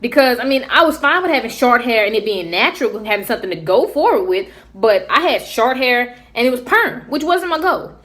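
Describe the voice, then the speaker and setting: A young woman with a slightly high voice tells a casual story to her viewers. She is animated and slips into the voices of the people in her story. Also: fairly quick, few pauses. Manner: animated, acts out what others said. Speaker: vlogger.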